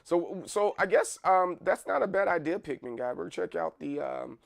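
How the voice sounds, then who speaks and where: A man's voice: high-pitched, lively intonation, normal speed, gravelly, no room sound. A man hosting his own livestream, chatting casually in a rambling, playful and apologetic way. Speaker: livestream host.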